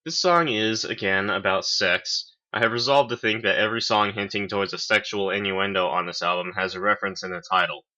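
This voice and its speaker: Low-ish man, forceful and tense tone, sardonic reviewer, muffled lo-fi sound. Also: fairly quick, few pauses. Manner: dry, sarcastic. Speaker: host, album reviewer. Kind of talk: semi-scripted review.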